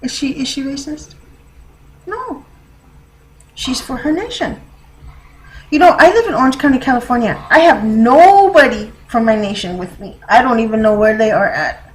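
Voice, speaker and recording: High-voiced rambling woman vlogger. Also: lively intonation, normal speed, long pauses, a little hiss or hum, poor audio. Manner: laughs often, rambling with many fillers. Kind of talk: casual rambling monologue.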